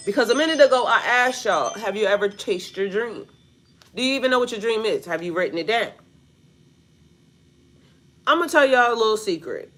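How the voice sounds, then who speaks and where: Talking a little fast with frequent pauses, a woman gives a casual spiritual reading straight to camera in an expressive, fairly bright, slightly high voice. Her style is blunt and full of profanity, peppered with "like," and she addresses her audience as "y'all."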